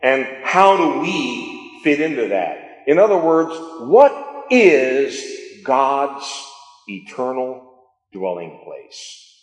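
A man's voice: medium pitch, sing-song, extremely slow, faint music behind. A man preaching a sermon in a church sanctuary, emphatic, repeating key phrases and asking his congregation questions. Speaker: pastor. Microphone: sound system mic. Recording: echoey church hall, long reverb.

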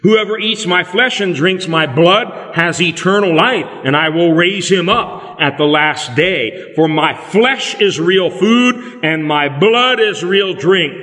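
A man preaching a sermon as a pastor, emphatic and slowing down on key words. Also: high voice, pushed and bright. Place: church hall. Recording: echoey hall with long reverb.

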